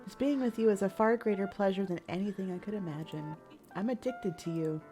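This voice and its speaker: A woman voicing an obsessive, lovestruck young woman in a visual novel, speaking low and unsettlingly calm. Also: brisk, soft background music, natural voice. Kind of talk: reading game dialogue aloud.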